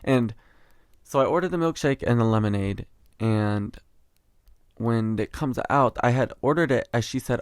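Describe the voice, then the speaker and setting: A man's voice: mid-range voice, normal speed, clear, resonant tone, no room sound. A young man hosting a podcast, telling a story in a chatty, dramatic, slangy way with plenty of swearing. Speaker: podcast host. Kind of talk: casual storytelling monologue.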